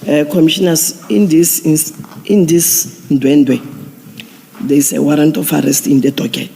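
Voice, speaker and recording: Police general giving testimony, mellow gravelly voice, long hall reverb. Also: male voice, a little high, steady tone, slight background noise. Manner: measured, procedural, with repeated restarts. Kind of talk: formal testimony at an inquiry.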